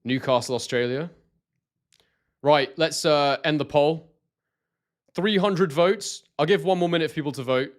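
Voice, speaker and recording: A young British man from Scotland with a London-like accent, hosting a live boxing stream in casual commentary and reading out chat messages excitedly. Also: on the high side, measured pace, pauses often. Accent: southern English, London-like.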